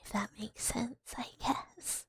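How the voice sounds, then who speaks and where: A woman streaming ASMR in whispered role-play, rambling in a soft, self-deprecating whisper. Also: on the high side, fairly even intonation, takes it slowly, creaky, husky, no echo, poor audio.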